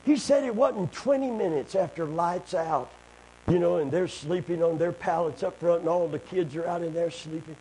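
Gravelly high-voiced male preacher. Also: normal speed, a little hiss or hum. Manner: call-and-response, building to shouting. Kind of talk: sermon.

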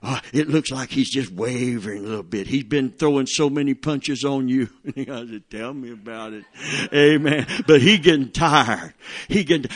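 A middle-aged male pastor preaching a sermon, telling stories and calling for amens from the congregation. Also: medium pitch. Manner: preaching with call-and-response, storytelling, laughing asides.

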